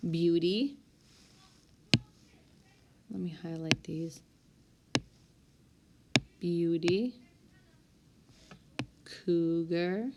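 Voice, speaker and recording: A woman teacher giving a recorded spelling lesson, sounding out words one by one with deliberate dictation. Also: lowish voice, background noise. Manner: slow, deliberate word-by-word dictation. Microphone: tablet microphone.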